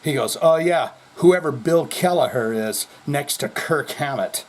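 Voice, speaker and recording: A man's voice: on the high side, expressive, unhurried. A man hosting his own heavy metal news podcast from home, rambling and joking with a lot of swearing. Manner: rambling, jokey and profane with sudden swings in loudness. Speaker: podcast host. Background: people moving things around.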